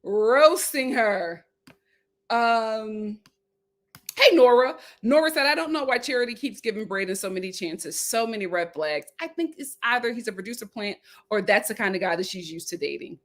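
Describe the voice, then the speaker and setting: A woman with a somewhat high voice talks through a reality show recap in a loose, chatty way. She reads viewer comments aloud and says her points twice for emphasis. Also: fairly quick. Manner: emphatic, repeats lines for effect.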